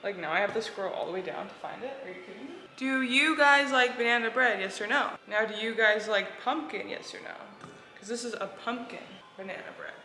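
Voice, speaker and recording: A woman's voice: on the high side, brisk, bright, forceful tone, a little hiss or hum. A woman chatting to her viewers as she cooks, chatty and self-deprecating. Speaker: vlogger. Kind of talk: casual vlog chat while cooking. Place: home kitchen. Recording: echoey kitchen with clattering dishes.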